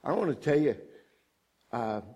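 An older man preaching a sermon, asking the congregation questions and swelling high and loud on key points before dropping low and soft. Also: sing-song, measured pace, muffled recording.

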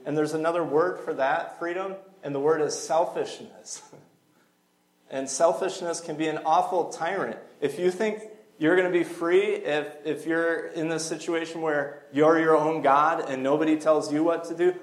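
Earnest man preaching in an echoey sanctuary. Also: on the high side. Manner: earnest, conversational with fillers and small laughs. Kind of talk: sermon. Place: church sanctuary.

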